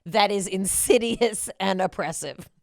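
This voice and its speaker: A woman's voice: medium pitch, a little slow, vocal fry. A woman hosting a podcast, running a playful banter game, teasing and self-mocking and laughing often. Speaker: podcast host.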